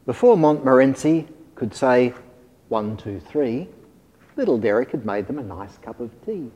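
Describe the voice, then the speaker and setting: A man reading a rhyming children's story aloud in an expressive, sing-song manner. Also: mid-range voice, moderate pace, lo-fi sound. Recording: long hall reverb.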